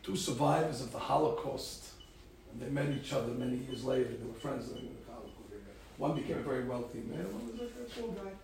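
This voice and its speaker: A man's voice: mid-range voice, lively intonation, fast talker, gravelly, heavy reverb, recorded from a distance, a crowd in the background, rough recording. A man, a rabbi, telling stories in a talk to a group of girls and acting out the people he quotes.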